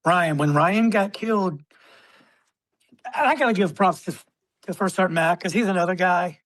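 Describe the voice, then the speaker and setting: A man, a military veteran, telling stories as a podcast guest with many fillers, often clearing his throat. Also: high-pitched, moderate pace, a bit bright, no echo. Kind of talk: casual storytelling interview.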